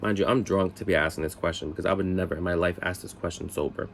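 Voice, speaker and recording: A man telling a casual storytime vlog from his bed, animated, jumping high for quoted lines and exclamations, then dropping into quiet asides, a little tipsy. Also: fast, vocal fry, slight background noise. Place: bedroom, sitting on the bed.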